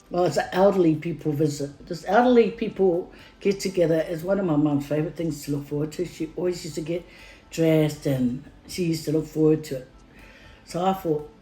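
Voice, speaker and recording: Samoan woman, middle-aged, casual vlog storytelling, rambling, low-pitched, roomy echo. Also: mellow. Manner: rambling, many fillers, heated when retelling. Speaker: family vlogger. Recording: roomy echo with faint music.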